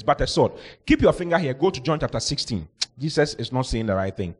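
A male pastor preaching a lively sermon, reading scripture and acting out the people in it, sometimes shouting. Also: medium pitch, fairly quick, few pauses, breathy edge. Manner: animated, shouting out and acting out Bible characters.

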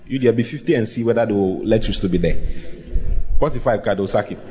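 A man preaching a sermon to a live congregation, animated and humorous, repeating phrases and drawing call-and-response answers. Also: lowish voice, fast.

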